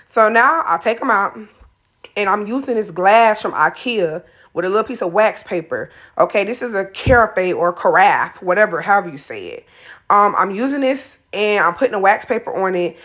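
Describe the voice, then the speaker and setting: A woman's voice: mid-range voice, a bit bright. A young adult woman, chatting casually through a cooking tutorial in her home kitchen, sassy and talking straight to viewers. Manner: chatty, sassy, talks to viewers as y'all, honey, child. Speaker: cooking vlogger.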